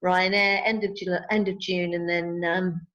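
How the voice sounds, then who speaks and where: A woman's voice: on the low side, level tone, normal speed, a bit bright. A woman co-hosting a vocal group's update, chatting in a playful, silly, self-mocking way over a video call. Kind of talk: casual chat on a video call. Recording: dull lo-fi video call audio.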